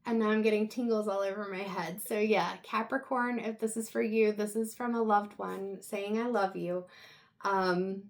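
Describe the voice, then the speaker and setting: Woman tarot reader, mid pitch, soft and halting, emotional. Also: fairly even intonation. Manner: soft, reflective, halting with pauses. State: emotional, close to tears. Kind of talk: intuitive tarot reading.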